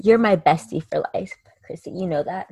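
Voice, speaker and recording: A woman co-hosting a podcast in casual chat, playful and teasing, swooping high when she mimics. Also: normal speed, creaky, a little mellow, slightly rough, dry recording. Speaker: podcast co-host.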